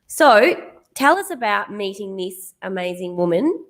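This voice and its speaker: A woman's voice: medium pitch, sing-song, unhurried. A woman hosting a podcast interview, enthusiastic and chatty, asking leading questions. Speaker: podcast host. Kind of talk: casual interview.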